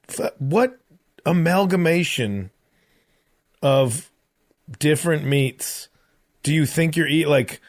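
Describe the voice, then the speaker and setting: A man co-hosting a comedy podcast, talking in a loose, swearing, animated way and acting out quoted voices. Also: a little high, slow pace, long pauses, no room sound, clean studio sound. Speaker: podcast co-host. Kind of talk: casual comedic chat.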